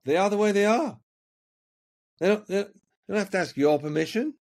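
A man's voice: sits high, lively intonation, brisk, creaky. A man talking as a coaching guest on a podcast, earnest and reflective, often repeating words while he finds his point. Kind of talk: podcast conversation.

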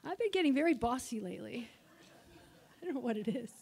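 A woman preaching a sermon, passionate at times and soft in her asides. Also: on the high side, lively intonation, quick pace, vocal fry, slight background noise. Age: older. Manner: impassioned, swings from shouting to soft asides.

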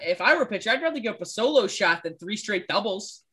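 A man's voice: high voice, lively intonation, quick pace, sharp tone, a little hiss or hum. A man co-hosting a casual sports podcast, sarcastic and riffing. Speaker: podcast co-host.

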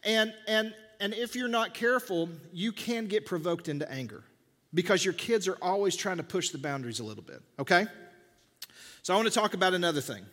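High-voiced preacher in a reverberant hall. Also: male voice, fairly quick. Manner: animated, jokey, rises in pitch for emphasis. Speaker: pastor. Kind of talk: sermon.

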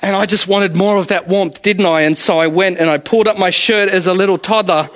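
A man's voice: sits high, fairly even intonation, fairly quick, fairly bright tone, no room sound. A man, preaching an evening sermon in a conversational, storytelling way with frequent laughter.

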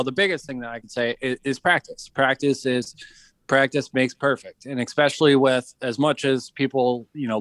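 Man, mid pitch, animated storyteller, casual podcast chat, dry close mic. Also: no room sound. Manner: animated storyteller, acts out quoted voices. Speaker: podcast guest, veteran entrepreneur.

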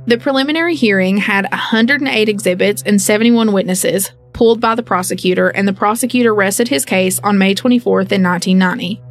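A woman's voice: medium pitch, brisk, hardly any pauses. A woman co-hosting a podcast, reading case details and then slipping into joking asides. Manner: reads case details, then jokes and acts out people with playful asides. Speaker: podcast co-host. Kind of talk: casual true-crime podcast storytelling.

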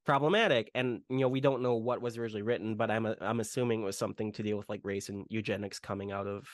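A man's voice: lowish voice, steady tone, fast talker, no room sound, clean studio sound. A man casually retelling film scenes on a podcast, rambling with lots of fillers. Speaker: podcast host. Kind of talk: casual movie podcast chat.

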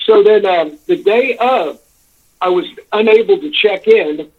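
A man's voice: high voice, a little slow. A man calling in by phone, telling a long, rambling complaint story, exasperated and swearing freely. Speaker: caller. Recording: tinny phone line.

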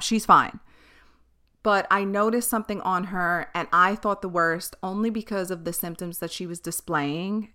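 A woman's voice: on the low side, fairly even intonation, a little slow, sharp tone, clean tone. A young woman hosting a podcast, talking casually and candidly, swearing freely and drifting off on tangents. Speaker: podcast host. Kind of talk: casual chat.

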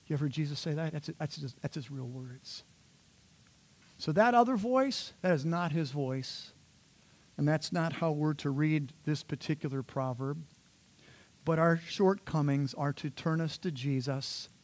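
A male pastor preaching a sermon, conversational and animated, talking straight to the congregation and slipping into playful voices. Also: fairly high pitch, unhurried. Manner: conversational, addresses the congregation directly.

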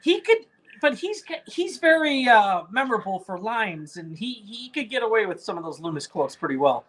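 A man's voice: sits high, big pitch swings, moderate pace, a bit bright. A man co-hosting a casual podcast, jumping in eagerly with short remarks. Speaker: podcast co-host. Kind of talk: casual chat.

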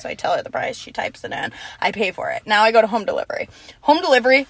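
A young woman co-hosting a podcast in casual chat, telling an animated story and laughing often. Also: on the high side, fast talker, creaky, husky. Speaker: podcast co-host.

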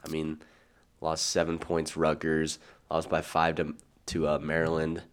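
Very deep-voiced man talking football. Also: monotone. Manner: chatty, dry humor, quick laughs. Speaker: podcast co-host. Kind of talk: casual sports chat.

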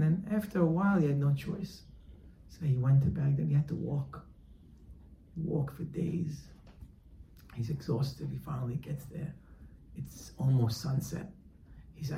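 A religious teacher, a man, telling a story in a sermon, animated and acting out the characters. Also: on the high side, unhurried, vocal fry, pauses often. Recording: echoey room, faint background noise.

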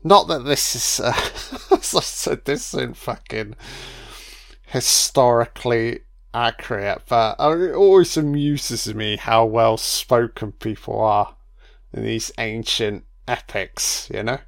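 A man's voice: mid-range voice, slow, creaky. Crude, swearing man. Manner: crude, swears freely, voices characters mockingly. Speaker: film commentator. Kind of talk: casual film commentary.

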